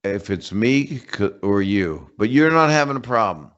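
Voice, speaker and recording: Older comedian guest, lowish voice, rambling wry jokes, muffled lo-fi call audio. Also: male voice, sing-song, normal speed, a bit bright. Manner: rambling, joking, wry asides. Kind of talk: casual interview chat over a call. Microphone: remote call connection.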